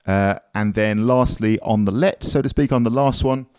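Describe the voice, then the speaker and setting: A man's voice: fairly low pitch, normal speed. A man teaching a drum lesson in a casual, encouraging, chatty way, counting beats aloud as he plays.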